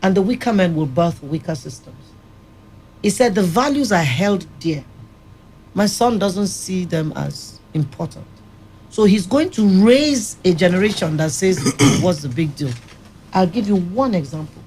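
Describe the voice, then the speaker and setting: A woman's voice: fairly low pitch, animated, a little slow, darkish tone, slight background noise. A woman who runs a rehab center, telling firm, vivid stories on a radio studio panel. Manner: firm, vivid anecdotal storyteller. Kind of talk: studio panel discussion, storytelling.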